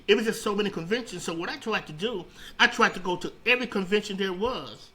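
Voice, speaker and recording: Animated, bright-voiced man telling stories. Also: high-pitched, fast, rough recording. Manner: rambling, repeats words and restarts, animated storyteller. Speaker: interview guest, radio founder. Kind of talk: casual storytelling interview.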